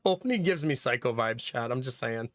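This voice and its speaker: A man's voice: medium pitch, animated, normal speed, no room sound, studio quality. A man streaming a visual novel, chatting casually with his viewers and joking often. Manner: joking, chatty, frequent laughter. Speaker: streamer, father. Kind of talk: casual gameplay commentary.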